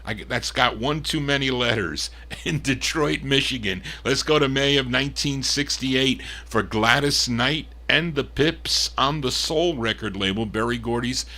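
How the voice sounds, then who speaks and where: A man's voice: medium pitch, unhurried, pushed and bright. A man hosting a live record show, chatting casually between songs in a rambling way, with fillers and restarts. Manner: rambling and chatty, with many fillers and restarts, calling himself by name.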